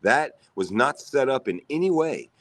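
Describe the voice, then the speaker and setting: Lively-voiced man in casual podcast chat. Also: medium pitch, moderate pace. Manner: interjecting, agreeing sidekick who asks long rambling questions. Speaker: podcast co-host.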